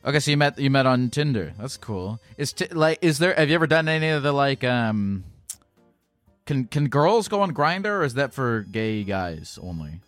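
A man's voice: medium pitch, big pitch swings, a bit bright, dry recording, faint music behind. A man hosting a call-in podcast, talking casually with frequent restarts and fillers. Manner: halting, with many restarts and fillers. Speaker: podcast host.

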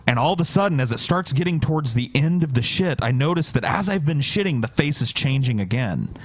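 A man's voice: on the high side, lively intonation, brisk, a little hiss or hum. A man telling a long, profane story on a podcast, laughing often and acting out his friends' lines. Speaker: podcast guest. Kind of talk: casual storytelling.

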